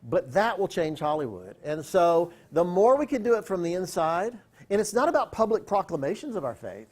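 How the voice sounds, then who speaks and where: Man telling a lively story, fairly high voice. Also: normal speed. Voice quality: animated, acts out quotes. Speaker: speaker. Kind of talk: storytelling talk.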